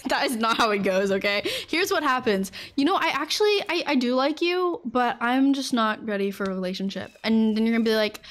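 A woman's voice: a little high, moderate pace, fairly bright tone. A woman streamer chatting casually with her viewers while she plays, rambling and full of "like". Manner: chatty, rambling, full of "like", acts out little scenes for chat. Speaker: Twitch streamer. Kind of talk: casual live-stream chat while gaming.

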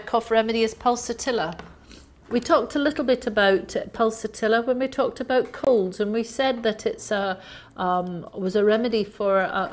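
Female lecturer, mid pitch, explanatory, acts out coughs. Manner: explanatory, acts out coughs and gasps, uses fillers. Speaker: homeopathy lecturer. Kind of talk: recorded lecture.

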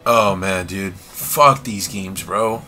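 A man doing let's play commentary on a horror game, swearing constantly in slang and yelling when he panics. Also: low voice, takes it slowly, faint music behind. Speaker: gamer playing a horror game.

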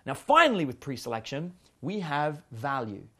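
A man coaching on dating in a loose, chatty way. His pitch swings widely and sits a little high for a man. He fills his talk with "like" and "um". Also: very animated, normal speed, a bit bright, husky. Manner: chatty, uses many fillers and acted quotes. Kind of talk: casual seminar talk.

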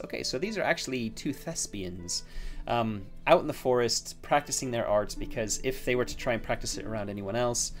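A man narrating his own solo tabletop role-playing game, thinking aloud with many fillers and restarts. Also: mid-range voice. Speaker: solo game master and player.

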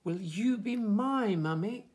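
A man's voice: high-pitched, lively intonation, takes it slowly, a little mellow, voice pushed up. A man voicing a little baby boy in a children's storybook, plaintive and pleading. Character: small boy baby looking for his mummy.

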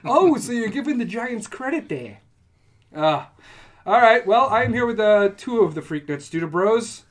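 Man, podcast host, high voice, joking, rambling banter. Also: sing-song, normal speed. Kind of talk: casual chat.

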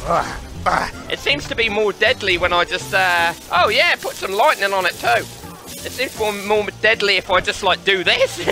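A man giving playful commentary on a VR game, laughing often and yelling in the fights. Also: high voice, expressive, moderate pace, creaky, faint music behind, rough recording. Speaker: gaming YouTuber. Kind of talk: VR gameplay commentary.

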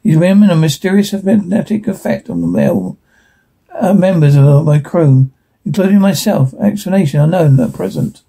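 A man's voice: high-pitched, normal speed, creaky, mellow, breathy edge. A man reading a script aloud and naming each speaker, often stumbling over words. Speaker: reader of a script.

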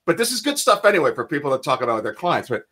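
A man co-hosting a casual recruiting talk show, excitable and teasing, often stumbling and restarting mid-sentence. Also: a little high, racing. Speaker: podcast co-host, recruiter. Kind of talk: casual chat.

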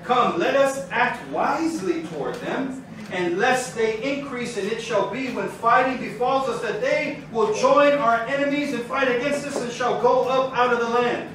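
A man's voice: very high-pitched, moderate pace, a bit bright, a little hiss or hum. A man teaching a sermon before a congregation, fervent and building in intensity as he preaches. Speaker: Torah teacher. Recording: very echoey room, mic far off.

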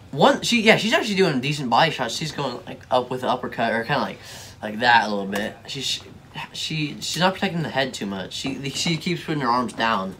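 A man's voice: medium pitch, lively intonation, brisk, a bit bright. A young man giving casual reaction commentary, slangy, mocking and easily exasperated. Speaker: video reactor.

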